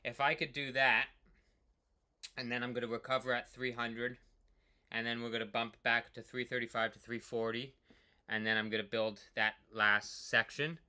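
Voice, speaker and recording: A man with a sharply bright, cutting tone talks loosely through his cycling workout numbers. He rambles, leans on filler words and swings from excited outbursts to quiet muttering at his own stats. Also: mid-range voice, smooth. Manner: excitable, peppered with "like", quick swings between hype and mutters. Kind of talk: casual rambling commentary on ride data.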